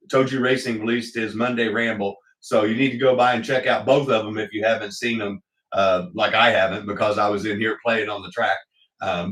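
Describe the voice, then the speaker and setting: A man's voice: fairly low pitch, a bit bright. A man hosting a casual livestream from his home hobby room. He rambles with many fillers and greets viewers in the chat. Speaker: livestream host. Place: home hobby room with slot car track. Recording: echoey room, voice picked up from a distance.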